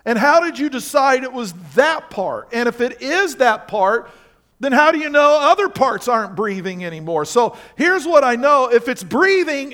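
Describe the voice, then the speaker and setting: A man's voice: extremely high pitch, fairly bright tone. A pastor preaching to his congregation with emphatic rhetorical questions. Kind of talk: sermon.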